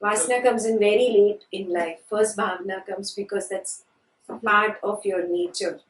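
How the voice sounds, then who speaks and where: A woman's voice: mid-range voice, steady tone, normal speed, a little hiss or hum. A woman teaching a scripture class, asking her students questions and repeating key phrases. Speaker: spiritual teacher. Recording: echoey room from a distance.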